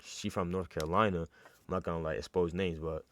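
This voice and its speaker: A man's voice: deep voice, fairly even intonation, fairly quick. A young man from New York telling a casual, slangy story with lots of fillers and restarts.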